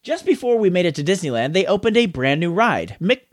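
A man's voice: high-pitched, sing-song, fairly quick, no echo, clean studio sound. A man hosting a podcast, stumbling over his words and joking about his own mistakes in a casual outtake. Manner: flustered, tongue-tied, laughing at his own slips. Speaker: podcast host.

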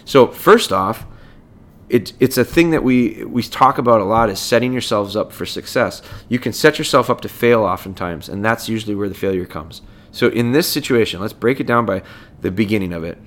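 A man's voice: lowish voice, moderate pace, a bit bright. A man hosting a podcast as a dog trainer, explaining things in a casual, conversational way and breaking points down step by step.

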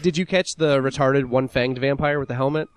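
A man's voice: mid-range voice, brisk. A man co-hosting a casual movie review podcast who laughs often and slips into put-on voices when quoting scenes. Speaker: podcast co-host.

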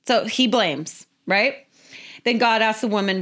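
A woman giving a casual, animated Bible teaching who often repeats her phrases. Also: mid-range voice, normal speed.

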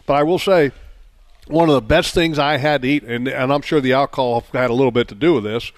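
A man co-hosting a casual radio chat, rambling with many restarts and getting excited about food. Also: mid-range voice, a little fast, dry recording. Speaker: co-host.

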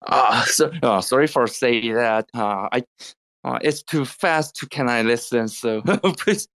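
A man speaking halting non-native English as a guest in an online chat, with many restarts and fillers. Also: medium pitch, fairly bright tone. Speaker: guest developer. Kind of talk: casual audio chat interview. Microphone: online audio chat room.

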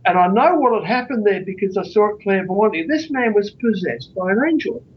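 A man's voice: high-pitched, animated, brisk, a little hiss or hum. A man being interviewed as a guest author, telling a long anecdote in a rambling, earnest way. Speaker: guest, author on out-of-body experiences. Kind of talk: storytelling in a podcast interview. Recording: dull lo-fi recording.

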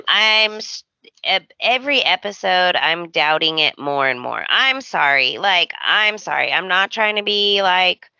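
A woman co-hosting a casual podcast, talking slowly and fillers her speech with "like" as she reacts to a soap opera. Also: fairly low pitch, lively intonation, sharp tone, dry recording, highs cut off. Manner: slow, drawn-out, heavy use of "like". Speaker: podcast co-host.

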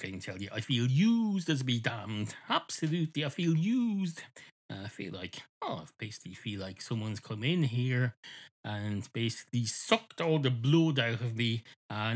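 An indignant talking dog, male and thoroughly aggrieved, rants in a rambling, sweary comic monologue, as a man puts him on. He speaks, stops himself mid-thought and doubles back, all at a middling pitch. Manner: rambling, sweary, self-interrupting rant.

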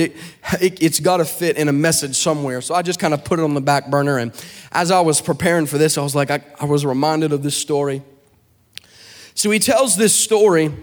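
A young man preaches to a live congregation, moving from easy storytelling into chanted, shouted climaxes. His voice is on the high side.

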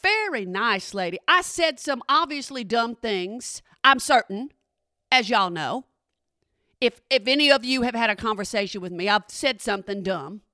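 A middle-aged woman telling a story in a chatty, animated way and often checking in with her listeners. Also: on the high side, moderate pace, no echo, studio quality. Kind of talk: casual spoken storytelling.

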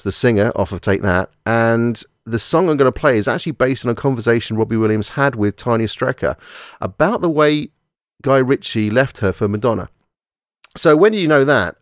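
A man's voice: medium pitch, no room sound, studio quality. A man hosting a casual movie podcast, with wry, rambling, joking patter. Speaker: podcast host.

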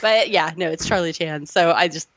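A woman's voice: fairly low pitch, normal speed, fairly bright tone, no echo, highs cut off. Gushing woman podcast co-host, dry sound. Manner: emotional, gushing, laughs often. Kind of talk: casual film review chat.

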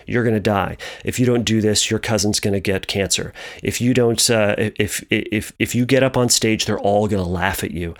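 A man voicing the menacing inner voice of anxiety, giving low, grim warnings. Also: normal speed, few pauses, natural voice. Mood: ominous.

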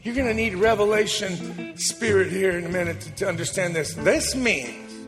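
A man, a pastor preaching a sermon, animated and shouting to his congregation. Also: sits high, moderate pace. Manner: animated, shouting, call-and-response. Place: large church hall. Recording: long hall reverb, faint music.

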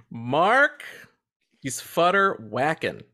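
A man co-hosting a casual movie podcast, excitable, swearing freely and laughing often as he talks. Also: a little high, extremely slow. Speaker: podcast co-host.

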